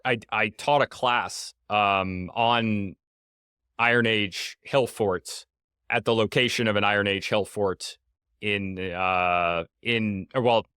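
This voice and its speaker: A man's voice: on the low side, fairly even intonation, slow pace, pushed and bright, clear, resonant tone, no room sound, studio quality. A young man from the United States hosting a podcast, talking casually with many fillers and hesitations. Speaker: podcast host. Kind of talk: casual interview chat.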